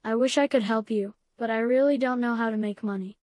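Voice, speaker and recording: A woman reading as a gentle schoolteacher father. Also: on the high side, brisk, no room sound, close to an everyday voice. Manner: calm, kindly encouraging.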